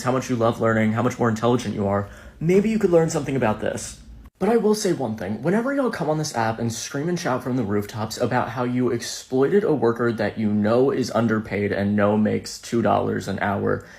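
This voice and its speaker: A man giving an exasperated, sarcastic lecture in a social media rant. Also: mid-range voice.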